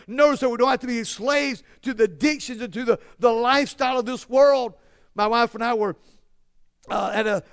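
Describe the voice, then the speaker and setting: A man preaching a sermon, with many restarts and a repeated cadence that climbs to shouted emphasis. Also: very high-pitched. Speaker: pastor.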